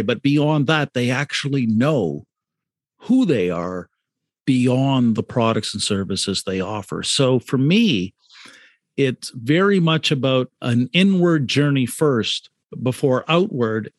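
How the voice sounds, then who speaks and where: A man's voice: mid-range voice, dry recording, clean studio sound. A man, an author and brand consultant, talking in a podcast interview, emphatic, repeating key points and asking rhetorical questions.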